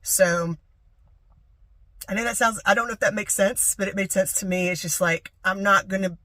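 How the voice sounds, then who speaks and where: A woman's voice: medium pitch, fairly even intonation, moderate pace, pushed and bright, no echo. A young woman from North Carolina, a van-life vlogger, rambling candidly through a personal story. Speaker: travel vlogger. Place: living in a camper van.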